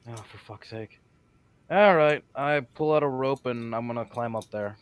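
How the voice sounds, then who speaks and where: A man's voice: medium pitch, normal speed, smooth. A man playing a tabletop game, asking blunt questions and swearing casually. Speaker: player.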